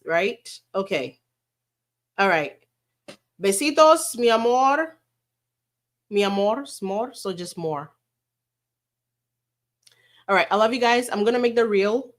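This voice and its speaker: A woman chatting casually with viewers on a livestream, blunt and talkative, swearing freely and mixing in Spanish endearments. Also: mid-range voice.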